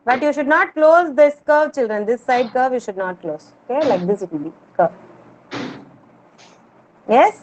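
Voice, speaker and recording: A kindergarten teacher, running an online class and patiently repeating words for the children to echo. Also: female voice, high voice, big pitch swings, normal speed, pauses often, highs cut off, slight background noise. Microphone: video call.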